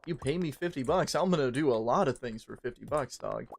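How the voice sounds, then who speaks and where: A man's voice: medium pitch, expressive, brisk, gravelly, slight background noise. A man chatting casually on a livestream, swearing a lot and rambling in a joking way. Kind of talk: casual stream chat.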